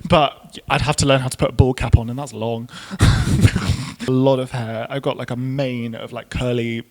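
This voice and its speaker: A camp man chatting in an interview, swearing freely and full of ums and likes. His pitch sits at an ordinary middle level. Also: steady tone, normal speed, darkish tone. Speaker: drag queen guest. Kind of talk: casual interview chat.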